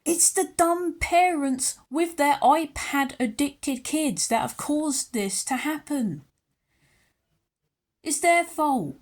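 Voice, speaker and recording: A young British woman ranting angrily into her channel's camera, sarcastic and worked up, her pitch jumping up and down as she talks. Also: expressive, slow. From United Kingdom. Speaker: YouTuber. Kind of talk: ranting vlog commentary.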